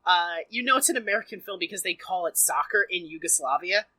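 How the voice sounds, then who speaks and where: A woman's voice: on the low side, lively intonation, fast talker, bright, forceful tone, slightly rough, dry recording, poor audio. A woman co-hosting a podcast, recapping a film in casual chat, profane and sardonic, laughing as she tells it. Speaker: podcast co-host.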